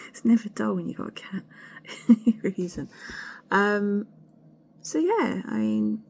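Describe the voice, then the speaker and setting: A woman's voice: lowish voice, normal speed, gravelly, darkish tone, a little hiss or hum. A woman vlogging candidly from home, blunt and sweary, ranting with whispered asides. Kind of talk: candid personal vlog.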